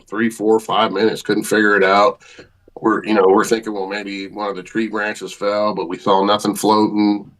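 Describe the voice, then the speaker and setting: Low-voiced man telling a folksy story. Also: a bit bright, low-quality recording. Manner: folksy, vivid storyteller with colloquial grammar. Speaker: podcast guest. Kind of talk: casual storytelling.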